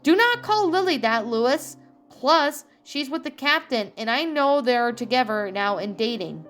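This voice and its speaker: A woman's voice: sits high, animated, a little slow, a bit bright, faint music behind, voice pushed up. A woman reading a fan story aloud, voicing a stern young woman who scolds a friend.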